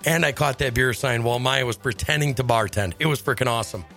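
A man hosting a radio show, telling stories in a lively casual chat and laughing often. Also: mid-range voice, fast, soft background music. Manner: animated storyteller, laughs often. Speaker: radio host.

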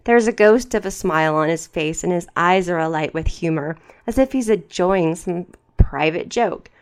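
A woman's voice: lowish voice, normal speed, clean tone. A woman hosting a podcast, reading fan fiction aloud in a dramatic voice and breaking off for wry, mocking asides. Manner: wry, mocking asides between read passages. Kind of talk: dramatic reading with sarcastic commentary.

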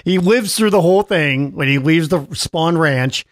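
A man with a high voice talks through a film in a casual chat. He is eager and explanatory and leans on "like" as he goes. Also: measured pace. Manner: eager, explanatory, uses filler like "like". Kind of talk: casual movie discussion.

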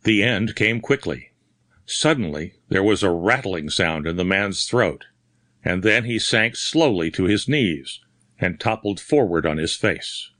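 A man narrating a horror story in a measured, dramatic reading. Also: low voice, lively intonation, fairly bright tone, no echo, clean studio sound. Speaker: audiobook narrator. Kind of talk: scripted narration.

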